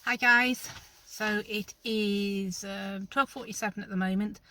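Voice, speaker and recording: A woman's voice: medium pitch, steady tone, measured pace. Nervous, chatty woman in her 60s. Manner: rambling, chatty, openly nervous. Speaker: vlogger. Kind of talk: casual talk to camera. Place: inside a car. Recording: dull audio with loud vehicle noise.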